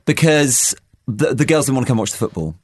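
A man's voice: mid-range voice, a little fast, slightly rough, no room sound, clean studio sound. A young man co-hosting a podcast, telling a rambling story in casual chat. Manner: rambling storyteller, lively and animated. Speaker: podcast co-host.

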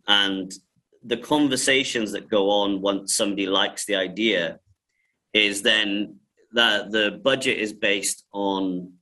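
Bright-voiced male director. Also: fairly low pitch, rough recording. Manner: animated storytelling, laughs often, repeats words. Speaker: film director. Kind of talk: casual interview talk.

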